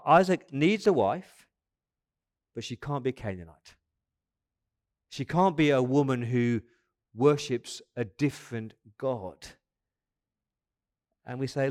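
A man in his fifties preaching a sermon as pastor, in a lively, conversational way with asides and quick restarts. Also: medium pitch. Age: 50s.

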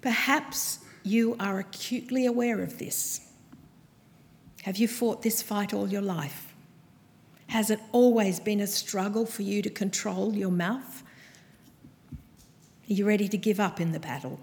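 A woman preaching a sermon to her church, with a measured, earnest delivery and pointed pauses. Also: medium pitch, fairly even intonation, a little mellow. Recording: long hall reverb from a church.

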